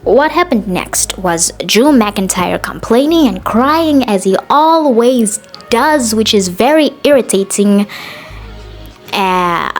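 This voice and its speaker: A woman hosting a podcast, recapping a show in a casual, opinionated way, often pausing on "uh" and "um". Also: fairly high pitch, expressive, faint music behind. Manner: chatty and opinionated, with frequent "uh" and "um". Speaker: podcast host.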